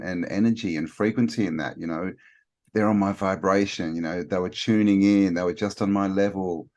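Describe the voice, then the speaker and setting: A man's voice: low-pitched, a little mellow. A man from Australia co-hosting a casual conversation, thoughtful and rambling with many fillers. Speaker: co-host.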